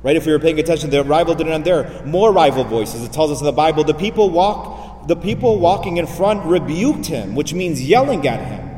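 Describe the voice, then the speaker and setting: A man's voice: on the high side, expressive, fairly quick, dark tone, far from the mic. A man, a priest, preaching a sermon, repeating phrases and asking rhetorical questions. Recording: echoey hall, voice from afar.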